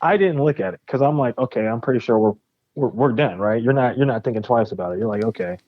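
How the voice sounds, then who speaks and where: A young man tells a story on a podcast in a lively, profane way, voicing each person in it. His pitch sits in the middle range. The audio is dull and dry, with no room sound. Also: fast, no echo. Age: young adult. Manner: animated, profane, acts out both sides of conversations. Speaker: game studio founder, guest.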